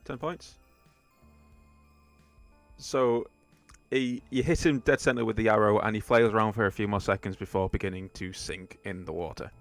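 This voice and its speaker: A man's voice: lowish voice, normal speed, pauses often, faint music behind. A man running a tabletop game as game master, laid-back and chuckling often.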